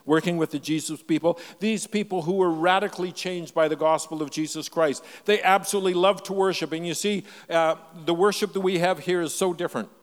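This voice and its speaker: An older man from Canada preaching a sermon, telling a personal story with emphatic shifts between loud and soft delivery. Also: high voice, steady tone, brisk, hardly any pauses, in a large hall. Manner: storytelling, emphatic, varies loudness widely. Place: church.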